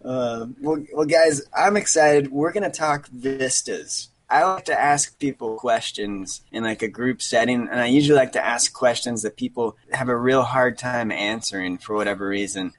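A man's voice: medium pitch, moderate pace, few pauses. A man in his thirties hosting a casual podcast chat, easygoing and talkative, often restarting his sentences. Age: 30s. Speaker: podcast host.

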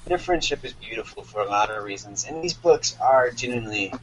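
A man's voice: mid-range voice, lively intonation, brisk, a bit bright, slight background noise, poor audio. A man co-hosting a podcast, chatting casually and chuckling as he reads aloud. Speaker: podcast co-host. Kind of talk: casual chat, reading aloud.

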